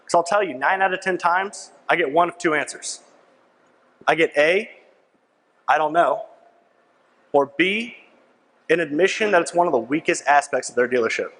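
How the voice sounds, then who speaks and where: Man, young adult, conference speaker, persuasive, slightly high voice, long hall reverb. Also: animated, brisk, a bit bright. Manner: persuasive, keeps asking "right?"; punchy, repeats key lines. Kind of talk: sales conference presentation.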